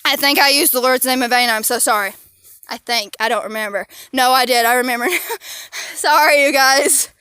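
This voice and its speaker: Chatty young woman, bright voice. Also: high-pitched, normal speed, smooth, no room sound, clean studio sound. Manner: rambling, chatty, easily distracted. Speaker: vlogger. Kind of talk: casual chat. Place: outdoors, walking with her dog. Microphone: handheld phone.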